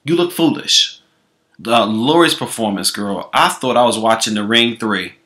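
A man's voice: lowish voice, expressive, normal speed, fairly bright tone. A man giving comedic commentary to camera, sassy and profane, calling everyone girl. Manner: sassy, profane, calls listeners girl constantly. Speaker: vlogger.

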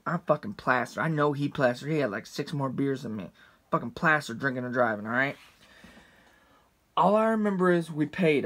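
A man in his twenties casually telling a rambling, heavily profane story, with restarts and asides and quoted voices acted out. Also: a bit bright. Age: 20s. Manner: acts out quotes with big pitch jumps. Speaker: storyteller vlogger.

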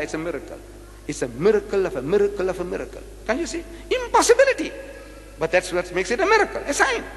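A high-voiced man lectures with sweeping, lively swings in pitch, dramatic and full of rhetorical questions. His voice rings through a large lecture hall with a long echo. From South Africa. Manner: dramatic, rhetorical, questions the audience and acts out debates. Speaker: public lecturer. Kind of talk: religious debate lecture. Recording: live hall recording with long reverb.

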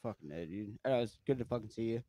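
A man's voice: on the low side, lively intonation, quick pace, mellow. A man co-hosting a podcast, chiming in with short, profane agreement. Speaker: podcast co-host. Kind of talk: casual podcast chat.

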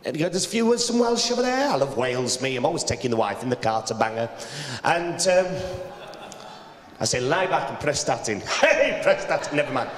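A man's voice: a little high, big pitch swings, normal speed. A Yorkshire man doing cheeky, chatty stand-up banter with a hotel cabaret audience. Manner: cheeky, chatty crowd work. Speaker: cabaret comedian and singer. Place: hotel cabaret room on stage. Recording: roomy hall reverb.

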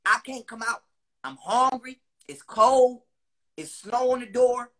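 An animated man addresses his online viewers in a heated, profanity-laced monologue, taking his time. He repeats lines for emphasis, and his delivery alternates between low, quiet spells and loud bursts.

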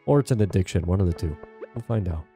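A man's voice: low voice, animated, fast talker, mellow, soft background music. A young man talking casually to his viewers while playing a farming game at home. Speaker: gaming channel host. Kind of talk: casual gameplay commentary. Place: home, indoors.

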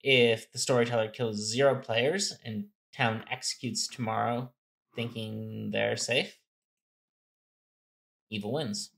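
A man's voice: medium pitch, fairly even intonation, slow pace, gravelly, fairly bright tone. A man co-hosting a casual game-strategy talk, explaining step by step and thinking aloud with restarts. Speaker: co-host.

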